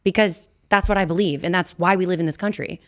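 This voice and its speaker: Outspoken young woman podcast co-host. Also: lowish voice. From United States. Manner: animated, outspoken, quick to act out quotes. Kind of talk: casual chat.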